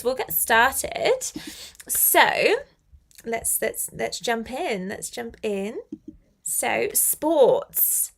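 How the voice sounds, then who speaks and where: A woman's voice: on the high side, gravelly, fairly bright tone. A young woman hosting a live English class, chatty and encouraging as she reads out viewers' comments. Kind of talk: live-stream English lesson.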